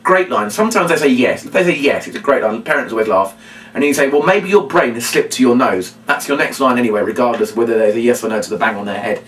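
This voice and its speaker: A middle-aged man teaching a children's magic routine, animated and acting out his patter lines. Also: quick pace. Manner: animated, jumps into a high shouty kids'-show voice for demo lines. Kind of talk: instructional talk with acted-out patter. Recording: echoey room, mic at a distance.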